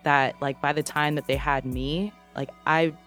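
A woman's voice: low voice, fairly even intonation, unhurried, a bit bright, faint music behind. A woman guest reflecting on her family on a podcast, rambling with many fillers. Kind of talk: casual podcast chat.

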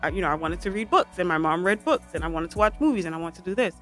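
A woman guest telling family stories on a podcast in an animated, humorous way. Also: on the low side, racing, soft background music. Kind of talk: casual podcast chat.

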